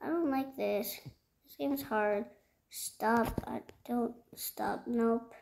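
Woman, high-pitched, gameplay commentary, excitable, frustrated outbursts. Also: slow pace, gravelly, slight background noise. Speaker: gaming video creator.

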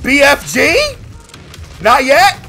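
A man giving excited gameplay commentary as a gaming channel host, with loud, animated exclamations. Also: very high voice, takes it slowly, faint music behind.

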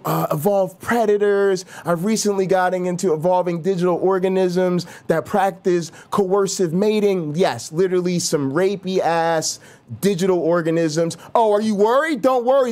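A man who works as an evolutionary biologist, a guest on a live call-in stream, ranting in an exaggerated, sarcastic, comedic way. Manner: animated, exaggerated and sarcastic, with big swings in pitch.

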